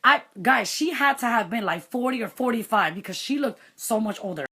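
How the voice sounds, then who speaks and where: A young woman casually telling a story, animated, slipping Spanish phrases in among many "like" fillers. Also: a little high, fairly quick, husky. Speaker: vlogger.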